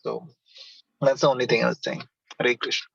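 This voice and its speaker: A man's voice: medium pitch, flat delivery, a little fast, creaky, a bit bright, slightly rough, no room sound. A man taking part in a scripture class, speaking hesitantly with many fillers. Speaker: class participant. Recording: dry, dull lo-fi audio.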